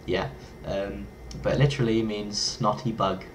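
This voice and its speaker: Easygoing male vlogger, slightly low voice, playful and self-mocking delivery. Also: steady tone, a little slow, slight background noise. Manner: playful, chatty, fumbles pronunciations and laughs at himself. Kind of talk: casual talk to camera.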